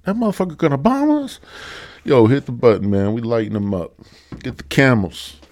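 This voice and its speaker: A man putting on the voice of an excitable Saudi prince, shouting profane orders for war in a raised voice. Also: mid-range voice, moderate pace, voice pushed up, lightly acted. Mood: hyped.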